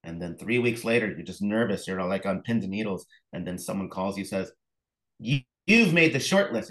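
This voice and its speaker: A middle-aged man with a fairly low voice speaks casually as an interview guest. He tells stories with plenty of fillers and restarts, and he acts out phone calls and reactions with sudden bursts of energy. He sounds like he is on a remote call. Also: lively intonation, moderate pace, fairly bright tone, rough recording. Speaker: author and illustrator, interview guest.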